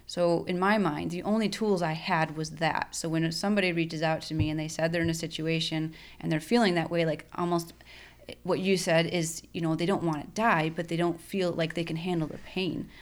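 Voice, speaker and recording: A woman with a slightly low voice talks through her thoughts in a casual chat. She is earnest and reflective, and she pauses as she searches for words. She trains horses. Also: flat delivery. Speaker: podcast guest. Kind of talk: casual conversation.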